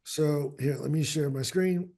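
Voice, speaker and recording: A man's voice: a little high, a little slow, dark tone. A man in casual video call chat, upbeat and walking someone through his screen share. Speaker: speaker platform representative.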